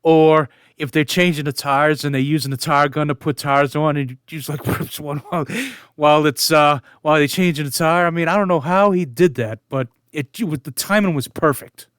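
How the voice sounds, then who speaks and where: A man in his forties tells a story in a fairly high, smooth, clear voice. He keeps chuckling and trying not to laugh. The sound is dry and close to the mic. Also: fairly even intonation, moderate pace, a bit bright, dry recording. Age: 40s. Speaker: vlogger. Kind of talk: casual storytelling monologue.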